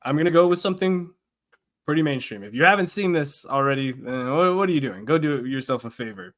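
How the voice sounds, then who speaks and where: A young man co-hosting a podcast in a relaxed casual chat, laughing often. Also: fairly high pitch, a little fast. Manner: laid-back, laughs often, says "man" a lot. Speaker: podcast co-host.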